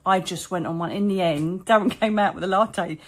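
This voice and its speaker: A British woman, a psychic medium, telling stories to her viewers in a chatty, animated, colloquial way. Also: fairly low pitch, a little fast. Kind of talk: casual storytelling to viewers.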